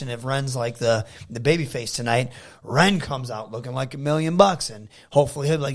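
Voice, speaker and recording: A man from Michigan, a wrestler guest telling animated stories in a casual interview, often slipping into loud impressions. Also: mid-range voice, a little fast. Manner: animated storyteller who slips into loud impressions.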